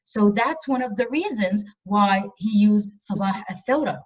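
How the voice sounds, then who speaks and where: Woman lecturer, earnest and emphatic, mid pitch, muffled video-call audio. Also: expressive, measured pace, a little mellow. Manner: earnest, emphatic with frequent repetitions. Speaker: university lecturer. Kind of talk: online lecture.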